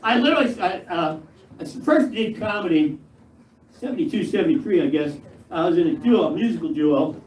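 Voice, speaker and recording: A man's voice: high-pitched, expressive, a little fast. An older man doing a crude, rambling stand-up set, mocking himself and acting out quoted voices, on stage in a large hall. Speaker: stand-up comedian. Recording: echoey hall, mic at a distance. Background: loud laughing crowd and room noise.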